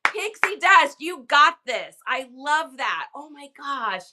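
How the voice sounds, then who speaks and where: A woman's voice: high-pitched, very animated, slow pace, sharp tone. A woman hosting a casual live selling stream who chats loosely, laughs often and fills her talk with "like.". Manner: chatty, laughs often, many "like" fillers. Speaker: livestream seller host. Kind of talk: casual livestream chat.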